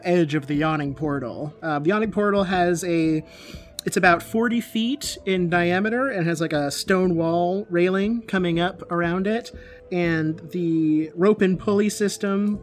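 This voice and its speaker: A man narrating as game master of a tabletop game, describing scenes with many fillers. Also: fairly high pitch.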